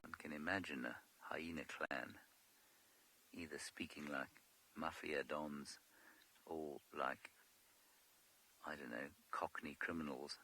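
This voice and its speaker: A man guiding a live safari drive outdoors, talking in a hushed, amused, wry way and often whispering. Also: rumbling low, steady tone, takes it slowly, long pauses, slight background noise, poor audio. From South Africa. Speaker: safari guide presenting a live game drive. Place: open game-drive vehicle outdoors in the bush.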